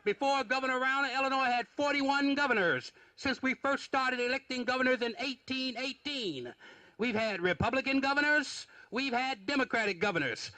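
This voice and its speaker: A man's voice: very high-pitched, moderate pace, pushed and bright, dry recording. A man speaking at an outdoor rally who introduces a candidate, using rhythmic, repetitive rhetorical lines. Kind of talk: rally speech. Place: outdoor rally on capitol grounds.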